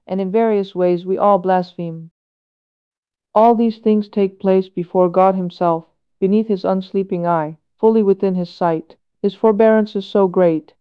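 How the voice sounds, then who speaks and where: Smooth-voiced woman reading a solemn sermon. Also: mid-range voice, lo-fi sound. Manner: measured and earnest, with rhetorical questions. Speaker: reader of a sermon. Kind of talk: slow, solemn read-aloud homily.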